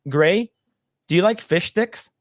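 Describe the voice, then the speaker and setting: A man's voice: high voice, slow pace, dry recording, studio quality. A man co-hosting a casual podcast chat, rambling with many fillers and laughing as he retells jokes. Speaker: podcast co-host.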